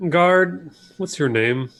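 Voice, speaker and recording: A man's voice: on the high side, lively intonation, slow pace, fairly bright tone, voice pushed up, exaggerated voice. A man playing a brusque noble female mercenary captain in a tabletop game, curt and commanding.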